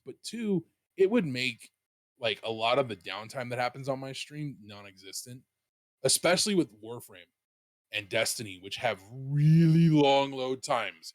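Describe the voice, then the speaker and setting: A man casually telling a story on his show, rambling and animated, swearing freely. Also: medium pitch, dry recording, clean studio sound. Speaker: streamer and podcast host.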